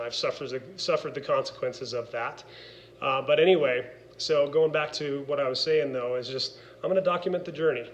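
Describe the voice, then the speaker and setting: A man's voice: mid-range voice, highs cut off, slight background noise. A middle-aged man, a former wrestler and gym owner, speaking candidly in a personal vlog, earnest and rambling with many fillers and restarts.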